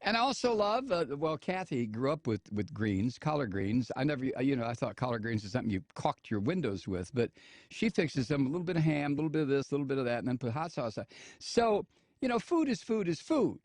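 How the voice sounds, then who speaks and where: Animated sarcastic male commentary host. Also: mid-range voice, fairly quick, no room sound, studio quality. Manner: animated, sarcastic, laughing asides, many restarts. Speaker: talk show host. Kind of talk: casual political commentary.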